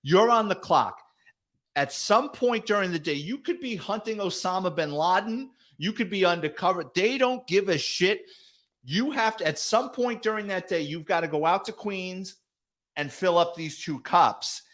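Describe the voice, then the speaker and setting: A man's voice: high voice, moderate pace. A middle-aged man, a retired police detective, telling stories as a guest with lots of swearing and acted-out quotes. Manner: animated, profane, acts out quoted voices. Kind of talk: casual storytelling.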